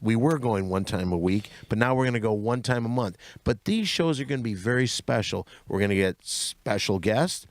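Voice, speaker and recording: A man's voice: fairly low pitch, animated, moderate pace, few pauses, dry recording. A man hosting a comedy video podcast, who makes announcements and scolds his co-hosts. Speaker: host.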